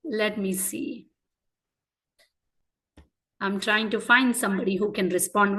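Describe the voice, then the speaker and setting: A woman with an Indian English accent teaching a class of children, asking them frequent questions and telling stories in an animated way. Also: medium pitch, takes it slowly, pauses often, breathy edge, poor audio. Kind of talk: interactive lesson for children.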